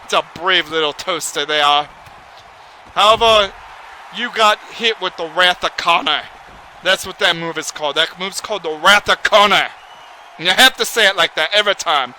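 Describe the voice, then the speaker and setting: A man giving excitable, folksy, rambling play-by-play commentary on a wrestling video game. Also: high-pitched, moderate pace, a little hiss or hum, poor audio.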